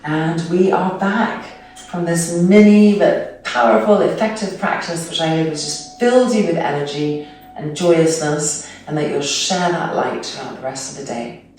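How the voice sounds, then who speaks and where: A woman teaching yoga, guiding the class in a soft, slow and soothing voice that trails into near whispers. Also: on the low side, a little hiss or hum. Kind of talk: guided yoga instruction. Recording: echoey room, voice from a distance, soft music. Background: soft instrumental music.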